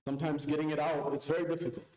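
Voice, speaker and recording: A man giving a sermon, telling a story and acting out its dialogue with big pitch jumps. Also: flat delivery, racing, darkish tone. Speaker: preacher. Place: mosque hall. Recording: echoey mosque hall.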